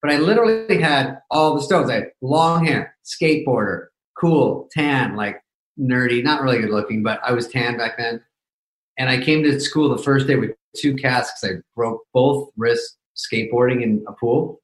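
A middle-aged man tells casual stories as a podcast guest in a mid-range voice. His delivery is dry and self-mocking, with quick mimicry of other people. The room has a noticeable echo. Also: medium pitch. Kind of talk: casual storytelling chat.

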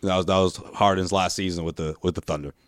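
A man hosting a casual sports podcast, quick and laughing as he steers the talk. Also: deep voice, fairly even intonation, clear, resonant tone, no echo, studio quality. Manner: quick, laughing, leads the segments. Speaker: podcast host.

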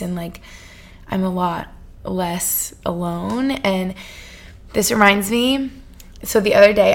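A woman's voice: mid-range voice, gravelly. A woman in her twenties hosting a podcast on her own, chatting casually and gushing with lots of "like" fillers and tangents. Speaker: podcast host. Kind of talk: casual solo podcast chat.

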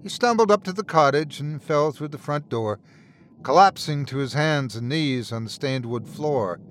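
A man narrating a dark fairy tale in an expressive, dramatic storytelling manner. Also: a little high, normal speed, a little hiss or hum. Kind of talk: scripted horror story narration.

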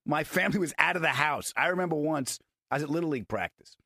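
A man's voice: a little high, animated, quick pace, creaky, sharp tone, no echo, studio quality. A man hosting a casual chat, eagerly agreeing and chiming in as his guest talks. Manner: eager, agreeable, chimes in often. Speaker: host.

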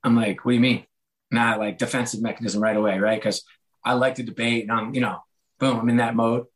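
A hoarse middle-aged man in a casual interview, telling animated stories and acting out the voices of the people in them. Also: mid-range voice, a little fast, rough recording. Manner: animated, acts out quoted voices. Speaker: author and guest.

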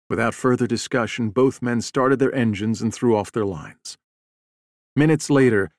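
A man narrates a nonfiction story in a measured, even audiobook style. His voice sits at a middle pitch and is recorded very dry and close, with no room sound. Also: dry recording.

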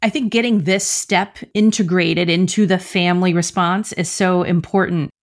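A woman's voice: on the low side, fairly even intonation. A woman co-hosting a parenting podcast, raising the questions listeners ask in a chatty, relatable way. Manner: chatty, relatable, quick asides. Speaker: podcast co-host. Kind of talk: conversational podcast.

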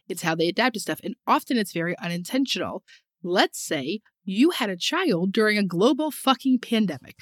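A woman co-hosting a casual podcast chat, speaking emphatically and slowing down to stress her points. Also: mid-range voice, lively intonation, dry recording, studio quality. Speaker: podcast co-host, therapist.

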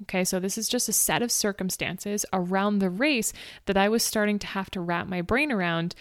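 A woman's voice: mid-range voice, dry recording, clean studio sound. Emotional woman retelling a race. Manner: emotional, fighting back tears; frequent fillers like "like" and "um". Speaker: ultrarunner recounting a race. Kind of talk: personal storytelling.

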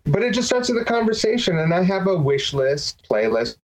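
A man talking casually as a guest on a podcast, rambling with many restarts and animated bursts. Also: sits high, fairly quick, low-quality recording. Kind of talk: casual interview chat.

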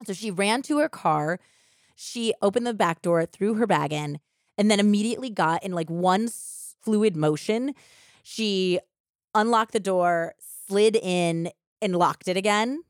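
A woman co-hosting a podcast, retelling a true crime story in animated, casual chat and filling it with "like" and quoted voices. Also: medium pitch, a little slow, dry recording, clean studio sound. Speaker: podcast co-host.

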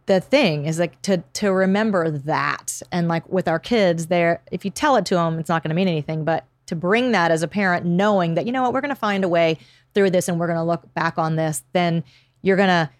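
A woman's voice: fairly low pitch, brisk, no echo. A woman guest, a therapist, talking earnestly and encouragingly in a casual chat.

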